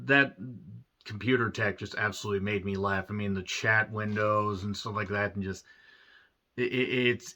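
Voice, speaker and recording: A man giving a casual, rambling film review, swearing freely and clearing his throat often. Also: on the low side, pushed and bright. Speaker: movie reviewer. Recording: dull lo-fi recording.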